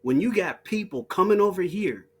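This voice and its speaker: Blunt, heated male commentator with a high, lively, husky voice, riffing off the cuff. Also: normal speed. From United States. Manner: heated and blunt, laughs between points, mocks others in put-on voices. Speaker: online commentator. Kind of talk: unscripted profane rant.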